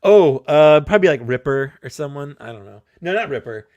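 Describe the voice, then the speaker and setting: A man's voice: fairly high pitch, animated, a little fast, a little mellow, no echo, highs cut off. A man chatting as a guest, jokey and self-mocking, laughing often. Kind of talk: casual chat.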